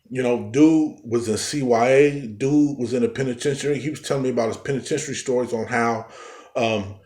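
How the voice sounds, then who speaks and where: Brief: man spinning a loose rambling yarn, slangy and animated, mid pitch, echoey room. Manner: rambling, full of fillers and street slang, animated quoting. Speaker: storyteller. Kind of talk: casual storytelling.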